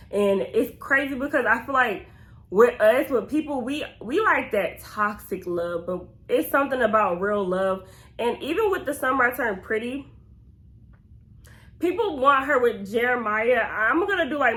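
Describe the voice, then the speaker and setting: A woman's voice: a little high, bright, forceful tone. Chatty young woman with a Georgia accent. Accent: Southern US (Georgia). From Georgia, USA. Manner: chatty and rambling, drifts off on tangents. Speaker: YouTuber. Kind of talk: casual Q&A vlog.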